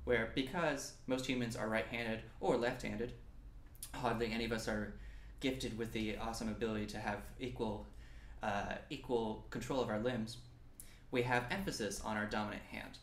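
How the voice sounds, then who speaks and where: A man's voice: on the low side, fairly even intonation, normal speed, slight background noise. Young man, percussion teacher, encouraging, counts beats aloud, roomy echo. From New Mexico. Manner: encouraging, counting aloud while playing along. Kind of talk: online drum lesson. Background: snare drum and practice pad playing.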